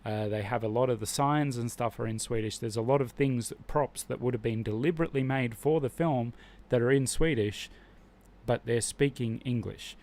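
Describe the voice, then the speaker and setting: A man's voice: medium pitch, moderate pace, darkish tone. A man hosting a live stream, talking casually and with strong opinions, rambling and restarting his sentences often.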